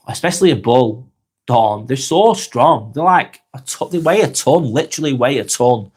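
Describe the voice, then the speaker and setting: Calm Lancashire man reading comments. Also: medium pitch, husky. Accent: Lancashire English. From northwest England. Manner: calm, musing, repeats words and restarts often. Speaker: live stream host. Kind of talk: live stream reading out viewer comments.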